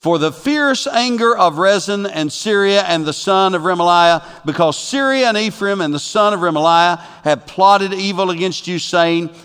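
A man preaching a sermon as a pastor, animated and swinging from loud to hushed. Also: high-pitched, normal speed, hardly any pauses, clear, resonant tone, big-room sound.

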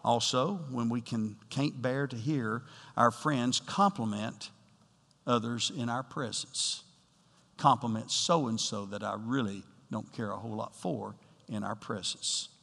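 Bright-voiced man preaching in an echoing hall. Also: medium pitch, a little slow, vocal fry. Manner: preaching with rising emphatic bursts and direct address. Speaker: pastor. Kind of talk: sermon.

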